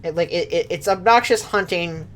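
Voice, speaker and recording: A woman's voice: on the low side, moderate pace. A young woman streaming a game, giggly and rambling, who swears casually as she comments.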